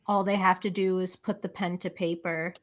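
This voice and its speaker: A woman playing in a tabletop game, describing her character in a halting, thoughtful way. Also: lowish voice, level tone. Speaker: player.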